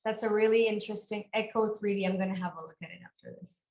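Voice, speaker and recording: Friendly, halting woman presenter on a video call with a roomy echo. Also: mid-range voice, a little mellow. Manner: friendly, hesitant, many fillers. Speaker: webinar presenter.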